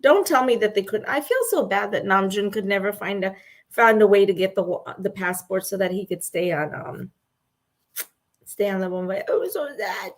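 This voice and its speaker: A woman co-hosting a casual chat, telling stories in a gushing, animated way and laughing often. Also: mid-range voice, moderate pace. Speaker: co-host.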